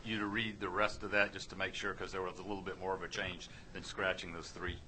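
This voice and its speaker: A man's voice: low-pitched, little pitch movement, quick pace, bright, forceful tone. A man on a committee politely addressing the chairman from some distance away from the microphone. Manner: polite, deferential. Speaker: committee member. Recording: noisy room audio, speaker far from mic.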